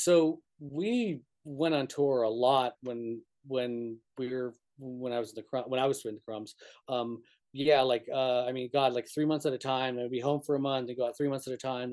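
A man's voice: medium pitch, a little mellow. A man from northern New Mexico, a touring musician, telling road stories in a rambling way full of "like" and restarts, laughing often. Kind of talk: casual storytelling interview.

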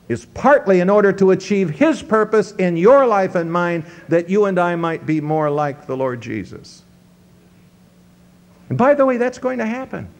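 A man pastor preaching a sermon, teaching verse by verse with sweeping rises and drops in his voice. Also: sits high. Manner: teaching, walking through scripture verse by verse.

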